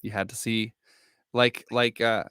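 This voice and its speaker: Male podcast co-host, mid-pitch, easygoing chat, dry close mic. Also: clean tone, no echo. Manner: relaxed, agreeable, quick back-and-forth replies. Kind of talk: casual film discussion.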